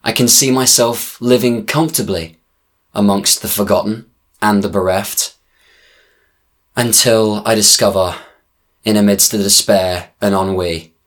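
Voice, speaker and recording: A man performing spoken-word verse with a deliberate, dramatic touch. His voice sits low, and he takes each line at a very slow, measured pace. Every rhyme gets its weight. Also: steady tone. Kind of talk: spoken-word poetry recitation.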